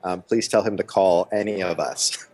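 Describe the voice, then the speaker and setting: A man co-hosting a casual podcast, speaking deadpan and mock-serious from a coffee shop over a remote call. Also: low voice, moderate pace. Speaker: podcast co-host.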